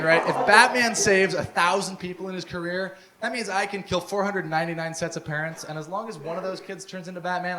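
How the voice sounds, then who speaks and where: A young man doing a deadpan stand-up set of dark one-liners. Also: high-pitched. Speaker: stand-up comedian. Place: comedy showcase stage. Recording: live with loud audience. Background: audience laughter.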